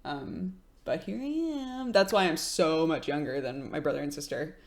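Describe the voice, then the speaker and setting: A woman's voice: sits low, expressive, moderate pace. A young woman streamer chatting casually with her live chat, telling stories with lots of fillers and giggles.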